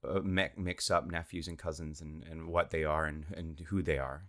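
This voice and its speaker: Young guy w a really deep voice, rambly casual podcast chat, laughs a lot. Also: steady tone, moderate pace, a bit bright. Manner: rambling, self-deprecating, laughs often. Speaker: podcast co-host and actor.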